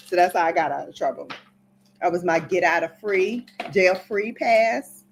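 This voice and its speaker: A woman's voice: lowish voice, moderate pace, creaky, slight background noise. A woman from Brooklyn telling a playful, dramatic story to her viewers in a casual vlog. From Brooklyn, New York. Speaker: beauty vlogger.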